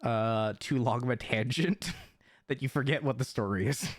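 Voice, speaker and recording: A streamer co-hosting a casual chat, teasing and sarcastic with a deadpan edge. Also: mid-range voice, moderate pace, no echo, studio quality. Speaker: streamer co-host.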